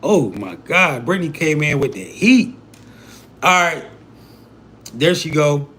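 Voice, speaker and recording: A man's voice: fairly high pitch, big pitch swings, unhurried, a bit bright, slight background noise. Blunt, swearing man teaching on a livestream. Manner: blunt, slangy, heavy swearing, rhetorical questions. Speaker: self-styled spiritual teacher on a live stream. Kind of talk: casual profane live-stream lesson.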